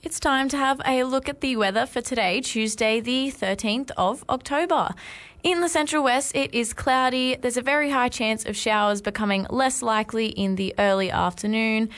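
A woman hosting a community radio breakfast show, reading the weather in an upbeat, clear manner. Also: a little high, steady tone, moderate pace, fairly bright tone.

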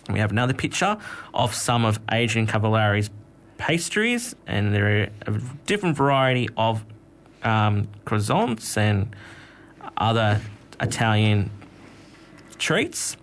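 A man on community radio reading newspaper stories aloud in a steady way, with the odd slip and restart. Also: fairly low pitch, a little slow. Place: radio studio.

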